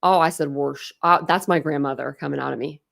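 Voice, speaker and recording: A woman's voice: low voice, fairly even intonation, fairly quick, gravelly, a bit bright. A young woman hosting a true crime channel, chatting casually and rambling to her livestream viewers, full of "like"s and restarts.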